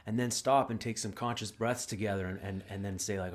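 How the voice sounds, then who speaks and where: A man hosting a podcast conversation, speaking reflectively and haltingly, often repeating words as he gathers his thoughts. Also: fairly low pitch, steady tone. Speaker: podcast host. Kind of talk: casual conversation.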